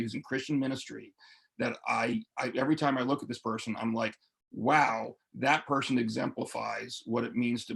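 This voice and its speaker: A man's voice: mid-range voice, vocal fry, a bit bright, breathy edge. A man leading a live online Bible study, talking in an earnest, emotional way with frequent restarts and self-corrections. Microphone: webcam or computer mic for live stream.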